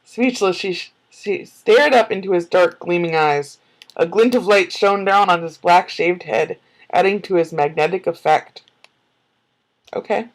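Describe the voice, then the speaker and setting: A woman's voice: on the low side, rough recording. Snarky woman reading a book aloud. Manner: snarky, sarcastic asides; giggles often. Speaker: book reader and commentator. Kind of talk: casual read-aloud with commentary.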